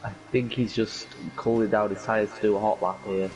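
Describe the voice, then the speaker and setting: A man's voice: fairly low pitch, level tone, darkish tone, slight background noise, low-quality recording. Man calling a sim race. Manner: conversational, reacts with quick exclamations. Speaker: sim racing commentator. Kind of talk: live race commentary.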